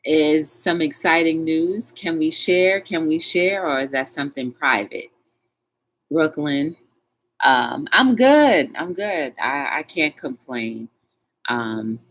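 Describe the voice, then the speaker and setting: A woman hosting a casual livestream talk show, greeting her viewers one by one in a chatty, animated way. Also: extremely low pitch, unhurried.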